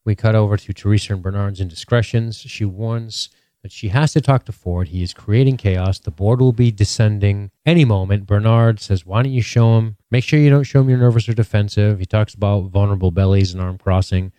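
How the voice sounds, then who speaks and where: A man's voice: fairly low pitch, steady tone, brisk, mellow, smooth, no room sound. A man co-hosting a podcast, summarizing the plot of a TV episode in a dry, joking way. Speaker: podcast co-host. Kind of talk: casual TV recap chat.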